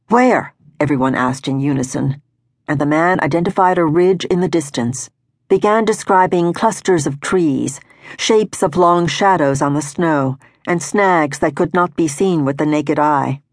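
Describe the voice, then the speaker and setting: A woman narrating a literary audiobook in the first person, in a measured, reflective manner, on a studio microphone. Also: low-pitched, no room sound.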